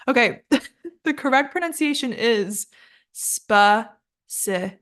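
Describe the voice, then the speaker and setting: A woman's voice: medium pitch, fairly bright tone. A woman, possibly, teaching English pronunciation in a casual spoken lesson. She is chatty and self-mocking, drags out the words she models, and sounds worn out from recording several episodes in a row. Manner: chatty, self-mocking, laughs at her own slips; slow, drawn-out model pronunciations.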